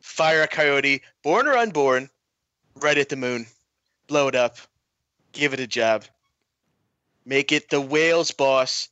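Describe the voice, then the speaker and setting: A man's voice: mid-range voice, animated, slow, long pauses, pushed and bright, no echo, dull audio. Man doing a boastful, rambling president. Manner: grandiose, rambling speech delivery.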